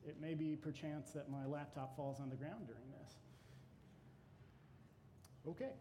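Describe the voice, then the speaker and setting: A man who teaches Bible classes giving an unhurried, reflective devotional talk to a gathering, with hesitant fillers. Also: a little high, steady tone, noisy background.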